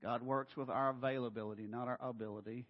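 A middle-aged man, a pastor, preaching a sermon in an animated, humorous way and acting out voices. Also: mid-range voice, fast. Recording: dull sound in a reverberant hall.

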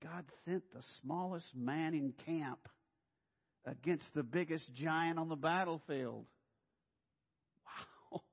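A middle-aged man, a pastor, preaching a sermon in an animated, humorous way and acting out voices. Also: on the high side, takes it slowly, gravelly, long pauses. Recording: dull sound in a reverberant hall.

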